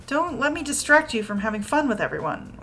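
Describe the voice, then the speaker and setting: Sayori: a woman doing a bubbly high-voiced schoolgirl. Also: very animated, a little fast, a bit bright, slight background noise. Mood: cheery. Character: cheerful schoolgirl club member hiding sadness.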